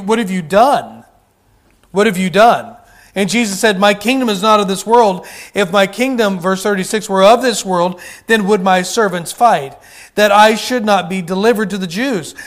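A man preaching a sermon with fervor, calling out to the congregation and often restarting his sentences. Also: high-pitched. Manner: fervent, calls out to the congregation, many restarts.

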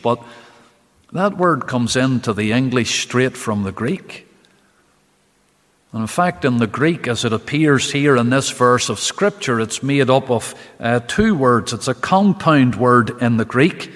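A man of middle pitch preaches a Bible study to the camera, measured and unhurried. He presses key phrases with emphasis. His voice rings with the long reverb of an empty church. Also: expressive, a bit bright. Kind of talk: midweek Bible study sermon. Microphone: camera recording for online viewers.

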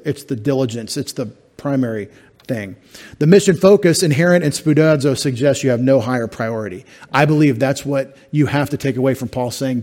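In a church sanctuary, a middle-aged male pastor with a medium-pitched, darkish voice preaches an expository sermon. He explains Greek words step by step, adding wry asides.

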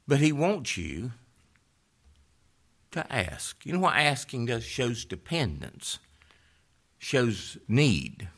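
A man preaching a sermon, rising to loud fervent peaks and dropping to hushed, low emphasis. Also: very animated, takes it slowly, long pauses, breathy edge.

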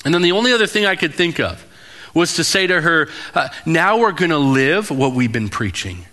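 Man, pastor, sermon, bright forceful voice, slightly high pitch, earnest, hushed emphasis. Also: big pitch swings, moderate pace.

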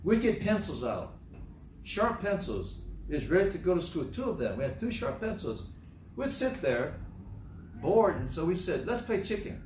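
A man's voice: a little high, sing-song, moderate pace, a little mellow. A man giving a moralizing talk, telling stories in a repetitive, emphatic way with sarcastic asides. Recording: roomy, distant mic with faint noise.

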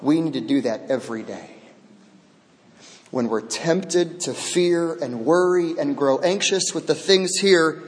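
A man preaching a sermon as pastor, swinging dramatically between loud proclamation and hushed near-whisper. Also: on the high side, measured pace, slight background noise. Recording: long echo of a large hall.

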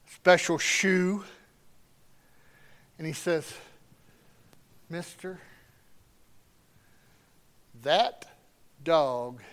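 A man preaching a sermon, telling a story quietly before rising into loud, emphatic preaching. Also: on the high side, clean tone.

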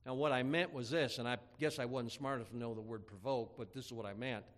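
A man's voice: mid-range voice, fast. A man preaching a sermon in a folksy storytelling way, with many restarts and asides to the congregation. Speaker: pastor.

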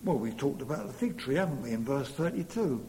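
A man's voice: medium pitch, big pitch swings, brisk, darkish tone. A man preaching a sermon earnestly, leaning hard on key words. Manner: earnest, rising to emphatic stresses. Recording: long reverb in a hall, faint hum.

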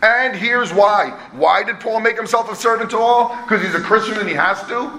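A man's voice: sits high, brisk, bright, forceful tone. A middle-aged man preaching a conversational, emphatic sermon as pastor. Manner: conversational, emphatic, self-deprecating. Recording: echoey room with faint hum.

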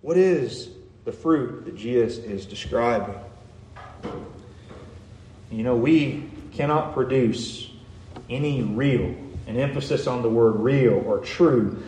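A man's voice: mid-range voice, a little mellow. A man preaching a sermon in an earnest way, his emphasis rising and falling. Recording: echoey room.

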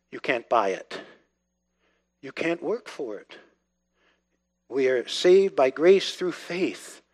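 A man delivers a sermon in a fairly high voice, hammering points through repetition. He sinks to near-hushed lines, then climbs to loud, urgent bursts. The sound is dry, with no room around it. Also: no room sound. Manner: emphatic, repetitive, swings between quiet and loud. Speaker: pastor.

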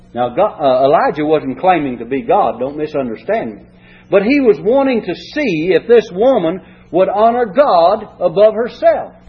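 A man's voice: high voice, breathy edge. A man preaching a sermon, reading scripture and explaining it in folksy, homespun words. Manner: folksy, retells stories in plain homespun words. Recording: dull lo-fi recording.

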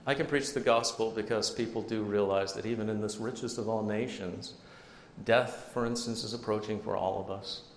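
A man's voice: on the low side, fairly even intonation, normal speed, slight background noise. A man preaching a sermon as pastor, conversational, with self-deprecating asides. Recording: echoey hall with long reverb, faint ambience.

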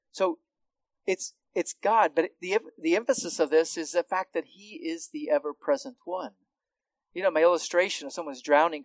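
A man preaching with a fairly high voice, building from hushed teaching to loud, urgent peaks. The sound is dry and close, with no room echo. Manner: swings from quiet to loud, impassioned when calling out. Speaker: pastor. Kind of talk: sermon.

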